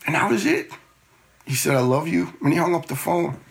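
Gravelly middle-aged man telling his story. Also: a little high, animated, a little fast. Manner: plain-spoken, earnest, repeats words as he goes. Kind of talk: personal storytelling.

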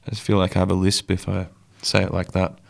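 A young man presenting songs on music radio in a relaxed, rambling way, with lots of ums. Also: deep voice, fast, gravelly. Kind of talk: casual music radio links.

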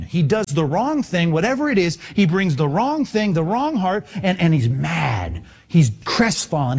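A man preaching a sermon on a Bible passage, lively and conversational, acting out quoted voices as he goes. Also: on the high side. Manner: animated, acts out quoted voices. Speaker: pastor.

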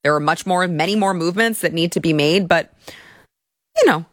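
A woman's voice: lowish voice, brisk, no room sound, clean studio sound. A woman hosting an opinionated commentary show, speaking in a sarcastic and scornful way.

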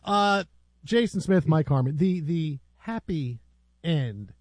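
A man's voice: on the high side, lively intonation, slow, darkish tone, no echo, clean studio sound. A man hosting a sports radio show, chatting playfully with his co-host and laughing often. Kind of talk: casual studio banter. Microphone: studio microphone.

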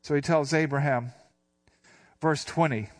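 A man's voice: fairly high pitch, fairly even intonation, a little slow. An older man giving a conversational Bible teaching, explaining verses and repeating phrases for emphasis.

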